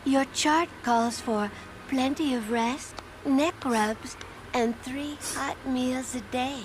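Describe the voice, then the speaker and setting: Calm cartoon hospital staffer, female; high, unhurried, noisy clip.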